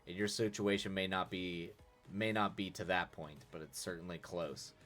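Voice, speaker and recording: A stoic exiled man, read by a male streamer, speaking slowly and quietly with a very deep voice. Every word is measured and deadly serious. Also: fairly even intonation, soft background music. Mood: grave, quiet.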